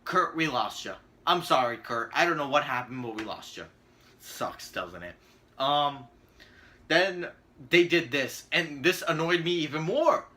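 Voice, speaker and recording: A man's voice: a little high, normal speed, sharp tone. A man giving a profane, sarcastic ranting video commentary as a vlogger.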